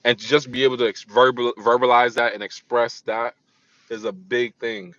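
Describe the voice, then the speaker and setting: Rambling man with a bright voice. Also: medium pitch, flat delivery, normal speed, no echo, dull audio. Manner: rambling, repeats himself, restarts sentences. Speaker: vlogger. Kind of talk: casual monologue.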